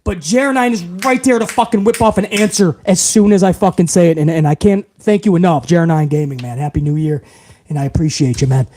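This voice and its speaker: A man's voice: sits high, brisk, mellow. A man hosting a wrestling livestream, thanking viewers in a hyped, profane, rambling way. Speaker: host.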